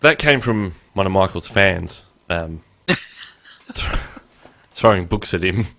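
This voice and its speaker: A man's voice: sits low, lively intonation, slow pace, bright, forceful tone. A male podcast host chatting casually, joking about himself and laughing often.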